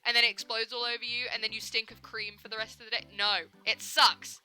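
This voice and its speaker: A young adult woman streaming a game, chatting casually and ranting in an animated, profane, self-mocking way. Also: on the high side, rapid-fire, faint music behind. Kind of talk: casual gameplay commentary.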